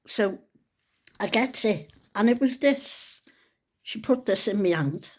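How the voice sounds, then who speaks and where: A woman's voice: fairly high pitch, animated, a little slow, slightly rough. An older woman with a Liverpool accent, telling an emotional personal story to camera in a chatty, heartfelt way with local dialect. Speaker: vlogger.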